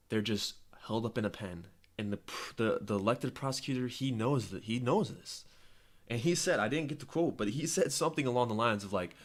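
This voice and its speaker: A young man hosting a podcast, delivering a heated, profane political rant and repeating his points. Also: fairly low pitch. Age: young adult. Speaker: podcast host.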